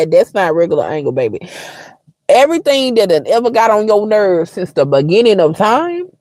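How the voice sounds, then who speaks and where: A woman's voice: mid-range voice, moderate pace, no echo. Blunt woman telling stories, dry sound. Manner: blunt and frank, swears freely, wry and expressive. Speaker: livestream host. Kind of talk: casual storytelling to viewers.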